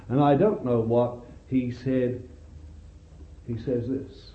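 A man's voice: medium pitch, takes it slowly. A man preaching a sermon, reading scripture aloud and exhorting his listeners. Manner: expressive Bible reading and exhortation. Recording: echoey, tinny old sermon recording.

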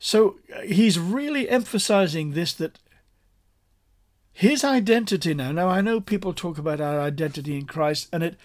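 A man's voice: sits high, moderate pace. A man preaching a sermon, explaining a passage point by point in an earnest, emphatic way that repeats key phrases. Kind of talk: sermon teaching.

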